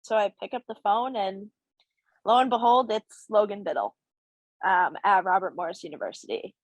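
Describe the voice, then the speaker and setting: A woman in her twenties, a podcast guest telling her story in a casual, animated way and acting out the voices in it. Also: mid-range voice, normal speed, dry recording, poor audio. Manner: animated, acts out quoted dialogue. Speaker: podcast guest, college hockey player.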